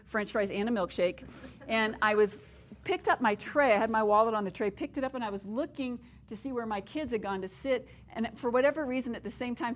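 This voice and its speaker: A woman in her fifties giving a sermon to women, telling self-deprecating stories with lively laughter. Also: a little high. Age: 50s. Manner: animated storyteller, self-deprecating humor, laughs while speaking. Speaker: women's ministry speaker.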